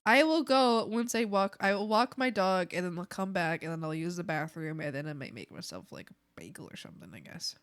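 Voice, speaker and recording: A woman's voice: lowish voice, lively intonation, brisk, few pauses, clear, resonant tone. A young woman art streamer chatting casually and scatterbrained with her viewers, laughing often. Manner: giggly, scattered, chats to viewers. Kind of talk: casual live-stream chat.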